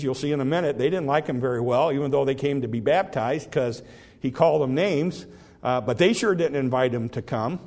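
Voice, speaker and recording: A man preaches in a folksy, conversational way, his voice sitting a little high for a man. He stumbles and repeats words now and then, and draws out the scripture he reads aloud. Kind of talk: sermon, Bible teaching.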